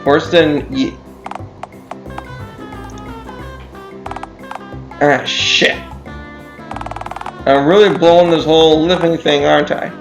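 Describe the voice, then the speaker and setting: A man's voice: on the high side, steady tone, unhurried, vocal fry, muffled recording. A man plays a meek, self-pitying character with a phone for a head. He stammers and hesitates. The recording is echoey, and game music plays under him. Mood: deflated.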